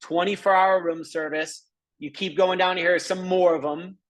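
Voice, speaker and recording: Middle-aged guy hyping travel deals on a livestream, bit high voice, chatty and excited, lots of "okay?" and "right?". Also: moderate pace. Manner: excited, chatty, many fillers and asides to viewers. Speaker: presenter of a travel membership. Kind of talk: live screen-share sales presentation.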